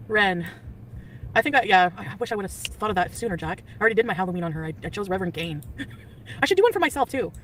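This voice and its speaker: A woman's voice: mid-range voice, expressive, fast talker, far from the mic, slight background noise. A woman livestreaming in a chatty, rambling way, giggling and answering her chat. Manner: rambling, giggly, jumps between topics. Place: on the go, partly in a store.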